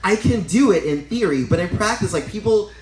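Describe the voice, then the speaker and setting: A man's voice: high voice, expressive, fairly quick, darkish tone. A man doing a brash stand-up comedy set in a small venue, laughing through his own jokes. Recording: echoey room, noisy crowd.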